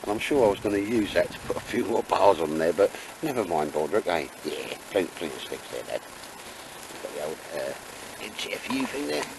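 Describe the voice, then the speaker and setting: Deep guy rambling easy in the woods, bit of background hiss. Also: lively intonation, moderate pace, vocal fry. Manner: chatty, jokey, laid-back. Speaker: vlogger. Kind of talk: casual outdoor chat. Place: damp woods, outdoors.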